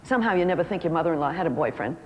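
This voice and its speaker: Sermon storyteller, mid-range voice, slows and softens for emphasis, reverberant hall. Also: medium pitch, animated. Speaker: speaker. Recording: reverberant hall with faint noise.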